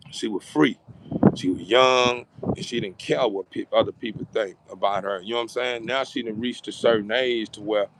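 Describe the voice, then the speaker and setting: A man's voice: lowish voice, normal speed, very noisy. A man, giving a casual, rambling motivational talk to his audience and often asking if they follow him. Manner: rambling, repeats words and keeps asking "you know what I'm saying". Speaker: vlogger addressing his channel's audience.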